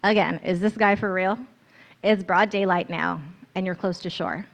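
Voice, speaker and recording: A woman's voice: mid-range voice, steady tone, normal speed, gravelly. A woman narrating a guided scripture meditation in the second person, in an earnest, storytelling manner.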